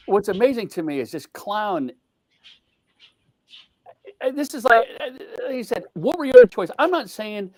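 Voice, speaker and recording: A man's voice: fairly high pitch, dry recording. An older man in casual political chat, blunt and profane, rambling with many restarts. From outside the South. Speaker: co-host.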